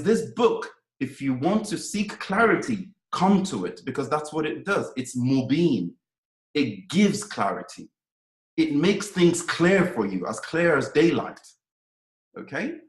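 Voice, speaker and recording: Lively-voiced male Arabic teacher lecturing. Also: a little high, echoey room, poor audio. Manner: explanatory, frequent "right?" check-ins, emphatic.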